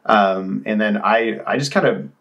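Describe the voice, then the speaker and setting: Gravelly-voiced man telling his story. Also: on the low side, a little slow, fairly bright tone, dull audio. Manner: rambling, candid storytelling with frequent restarts. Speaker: musician guest. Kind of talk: casual storytelling interview.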